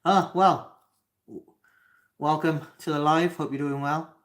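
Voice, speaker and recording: A man's voice: on the high side, fairly even intonation, unhurried. A young man with a Cardiff accent, from Wales, hosting a live Q&A and reading out chat comments, talking hesitantly with lots of ums and restarts. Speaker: livestream host.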